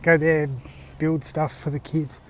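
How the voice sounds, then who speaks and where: A man in his forties with an Australian accent, vlogging in a casual, halting monologue full of fillers and restarts, from a car on the road. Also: on the high side, little pitch movement, fairly bright tone, a little hiss or hum. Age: 40s.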